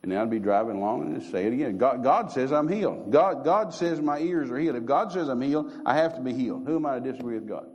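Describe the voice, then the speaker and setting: A man's voice: quick pace, hardly any pauses, darkish tone, dull audio. A middle-aged man, preaching a sermon as a story and acting out the voices he quotes. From Texas. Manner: storytelling, acts out quoted voices with rising pitch. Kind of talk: sermon testimony.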